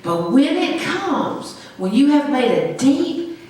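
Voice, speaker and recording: A woman's voice: high voice, big pitch swings, slow pace, a little mellow. A woman pastor preaching a sermon with emphatic call-and-response. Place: church sanctuary. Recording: echoey church from far off.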